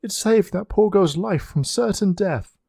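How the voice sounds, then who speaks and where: A man's voice: sits high, measured pace, vocal fry, dark tone, breathy edge, dry recording, clean studio sound, pitched above the performer's own voice, heavily acted. Man playing an indignant young woman. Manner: urgent, indignant. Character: agitated young woman in a crowd.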